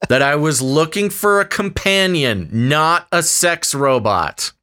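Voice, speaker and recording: A man's voice: a little high, animated, slow pace, sharp tone. Wry man reading a story aloud. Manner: wry, joking, laughs often while reading. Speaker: podcast co-host. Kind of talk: casual podcast chat, reading a news story aloud.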